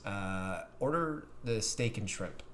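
A man's voice: lowish voice, animated, slow, fairly bright tone, slight background noise. Wry, teasing young man. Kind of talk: casual chat among friends.

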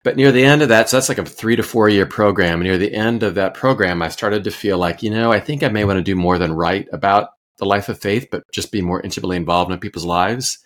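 A man in his fifties, originally from Iowa, tells how he came to the ministry with a low, settled voice. He speaks thoughtfully and pokes fun at himself, often pausing and restarting mid-sentence. He is a pastor, guest on a podcast. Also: fairly bright tone. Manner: thoughtful, self-deprecating, with frequent fillers and restarts. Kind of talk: relaxed conversational storytelling.

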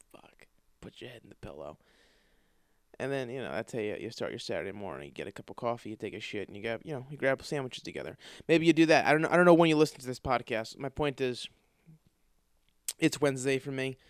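A man's voice: mid-range voice, smooth, no echo, clean studio sound. A man hosting a podcast, telling rambling comedic stories with plenty of swearing and acted-out dialogue. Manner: profane, storytelling, acts out quoted voices. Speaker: podcast host. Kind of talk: casual comedic monologue.

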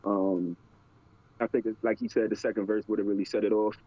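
A man's voice: lowish voice, flat delivery, a little fast, dry recording, dull audio. A man co-hosting a podcast, reviewing a song in an easygoing, slangy way. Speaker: podcast co-host and audio engineer. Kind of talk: casual chat.

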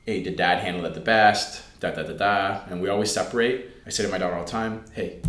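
A man's voice: deep voice, fast talker, over music. A middle-aged man being interviewed, chatting casually and acting out family conversations as he tells them. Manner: animated storyteller who acts out family dialogue. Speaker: interview guest. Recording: roomy echo.

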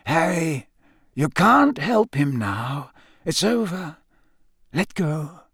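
A man doing a slow, gentle old headmaster. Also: on the high side, very animated, slightly rough, no echo, studio quality, pitched above the performer's own voice, heavily acted. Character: very old, thin, calm male headmaster.

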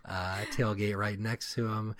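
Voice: deep voice, level tone, unhurried, fairly bright tone. A co-host of a comic podcast, chatting casually with dry asides while recapping the story. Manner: easygoing, dry asides, laughs along.

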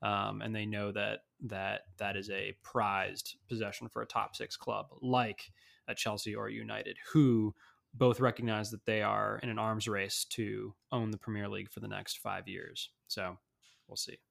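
A man talking through sports news on a podcast, low in pitch with a gravelly, creaky edge. He rambles, restarts and fills gaps with ums as he thinks aloud. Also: little pitch movement, a little slow, fairly bright tone. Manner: rambling, many fillers and restarts. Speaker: podcast co-host. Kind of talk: casual sports chat.

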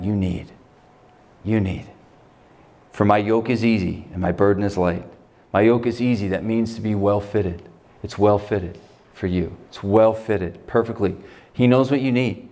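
Conversational American pastor preaching. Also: male voice, on the low side, measured pace. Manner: conversational preaching, swings from loud emphasis to hushed quotes. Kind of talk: sermon.

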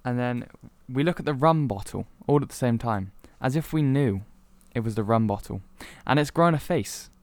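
A man's voice: mid-range voice, lively intonation, moderate pace, few pauses, no echo. A young man from Cornwall, a podcast co-host, rambling through a made-up story with lots of ums. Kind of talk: casual chat, telling a made-up story.

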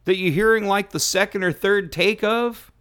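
A man's voice: high-pitched, normal speed, a bit bright, smooth. A man hosting a talk radio show, delivering a sarcastic, mocking rant. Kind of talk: opinion radio monologue.

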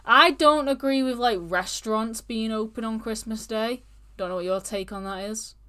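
A woman's voice: a little high, moderate pace, fairly bright tone. A woman co-hosting a podcast, chatting casually and rambling from one point to the next. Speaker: podcast co-host. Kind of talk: casual chat.

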